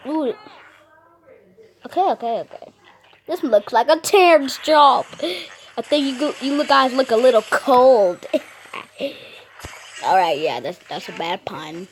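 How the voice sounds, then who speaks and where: A woman's voice: on the high side, expressive, slow, long pauses, a little hiss or hum, poor audio. A woman giving casual, playful commentary while playing a game, talking to the characters and cracking puns. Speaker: gamer.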